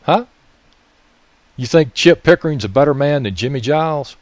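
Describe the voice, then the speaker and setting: This political commentator speaks with a Southern Mississippi accent, a fairly high pitch, and lively intonation at a moderate pace, recorded dry. His monologue is furious, profane, and loud, scolding the audience through repeated questions.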